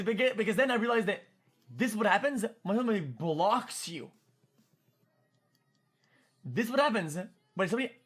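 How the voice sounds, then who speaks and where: A man in his twenties with a French-Canadian accent, a streamer telling a story in casual chat, excitable, cursing freely and stumbling over repeated words. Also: sits high, slightly rough. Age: 20s.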